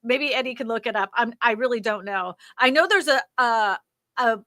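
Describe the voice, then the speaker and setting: A woman's voice: on the high side, moderate pace, bright, forceful tone, dry recording, studio quality. A woman hosting a casual real estate livestream, chatty, laughing often and trailing off mid-sentence.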